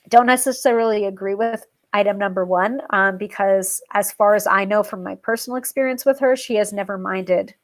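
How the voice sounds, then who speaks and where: On her tarot show, this woman speaks in a medium pitch with a fairly bright tone. Her talk is loose and chatty, moving between working with a goddess and a list of reading tips, with lots of ums, restarts, and amused asides at her own expense.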